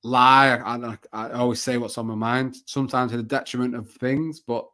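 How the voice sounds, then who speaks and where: A man's voice: medium pitch, little pitch movement, moderate pace, bright, forceful tone. Chatty Mancunian man, rambling and candid. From Manchester, England. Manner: chatty, rambling, frequent fillers and restarts. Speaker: podcast guest, football fan content creator. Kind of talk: casual chat.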